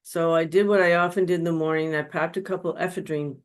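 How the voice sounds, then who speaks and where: This time the pace is fast, though her fairly low voice keeps a steady tone. The woman, a spiritual counselor speaking as a webinar guest, delivers an earnest, confessional personal testimony over a webinar microphone.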